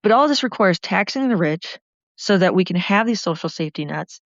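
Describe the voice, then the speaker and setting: A woman with a lowish voice talks politics passionately, rambling on and on in an animated, brisk way. The recording is dry with no room sound and has a dull lo-fi quality.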